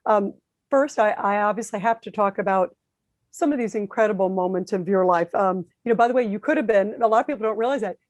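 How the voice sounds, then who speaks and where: A woman hosting a live interview, enthusiastic and a little halting, with many fillers. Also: mid-range voice, a little mellow, dry recording. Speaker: interview host.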